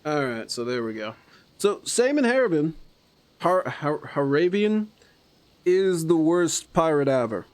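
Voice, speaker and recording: A man streaming a game, chatting casually and flipping between low mutters and gleeful outbursts. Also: big pitch swings, a little slow, a little mellow. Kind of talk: casual gameplay commentary.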